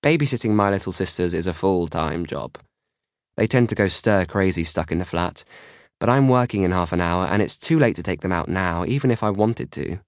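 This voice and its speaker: A man with a very low voice reads a children's story in a steady, storytelling way. He is recorded close on a studio microphone, and the sound is very dry with no room in it. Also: a little fast, dry recording. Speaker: audiobook narrator. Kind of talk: scripted narration.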